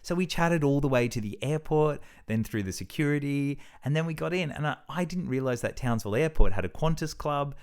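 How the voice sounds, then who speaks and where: A man's voice: a little high, lively intonation, a little fast, few pauses, darkish tone, smooth. A young man talking through a casual, reflective vlog monologue, rambling and self-deprecating with plenty of fillers and restarts. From Australia. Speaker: vlogger.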